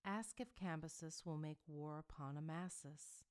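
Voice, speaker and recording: A woman's voice: low-pitched, unhurried. A woman reading the lines of a proud ancient Egyptian king who speaks formally and with command. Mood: regal.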